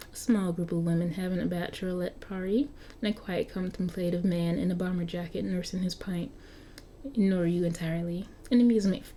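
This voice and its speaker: A woman's voice: fairly low pitch, warm tone, a little hiss or hum. A woman reading an interactive story aloud, often stumbling and restarting over words, with chatty asides to her viewers. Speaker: story narrator.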